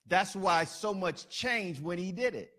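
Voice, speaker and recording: Bright-voiced man preaching emphatically. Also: high-pitched, expressive, measured pace. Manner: emphatic, building repetition with loud peaks; colloquial asides. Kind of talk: sermon.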